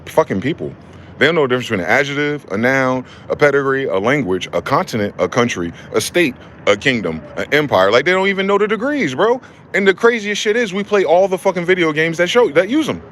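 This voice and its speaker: A man vlogs an angry, profane rant, confrontational and circling the same rhetorical questions. He talks fast in a fairly high, sing-song, fairly bright voice, with slight background noise.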